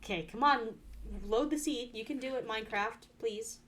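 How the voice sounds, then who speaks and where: A woman with a slightly high voice talks her way through a game stream in casual commentary. She curses freely and lurches between low, half-mumbled asides and loud, exasperated outbursts. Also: normal speed. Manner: excitable, swears freely, swings from quiet muttering to loud exasperated outbursts.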